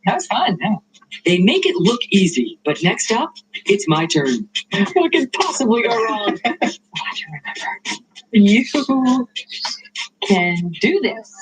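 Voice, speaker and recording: A woman talk show host walks through a TV studio, chatting in a bubbly, self-mocking way. Her voice sits fairly high and swoops in lively arcs of pitch. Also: slow, long pauses, a crowd in the background, rough recording. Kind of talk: playful on-location TV segment. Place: TV studio and halls, touring on foot.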